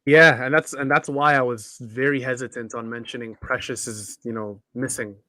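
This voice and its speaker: A man's voice: medium pitch, fairly even intonation, moderate pace, sharp tone, no echo. Tired man chatting, dry close sound. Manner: rambling, self-deprecating joking. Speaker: basketball podcast co-host. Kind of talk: casual live-stream chat.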